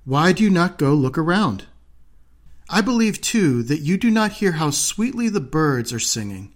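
A man's voice: sits high, animated, moderate pace. A man putting on a sly, wheedling storybook wolf. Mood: coaxing. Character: sly, greedy male wolf, coaxing and crafty.

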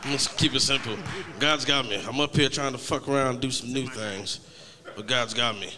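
A man in his late twenties doing a stand-up set, laid-back and rambling, heavy on profanity and a little high. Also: moderate pace, long reverb tail, crowd noise. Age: 20s. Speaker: stand-up comedian.

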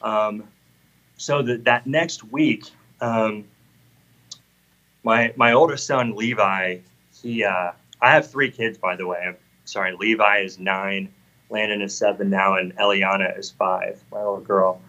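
A man's voice: lowish voice, steady tone, measured pace, pushed and bright, lo-fi sound. A man in his thirties telling an earnest, heartfelt personal faith testimony in conversation. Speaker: guest sharing a testimony.

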